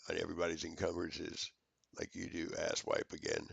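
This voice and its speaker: Very deep gravelly man ranting. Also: monotone, a little fast, a bit bright, no room sound. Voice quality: profane, accusatory, rambling. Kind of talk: rambling recorded rant.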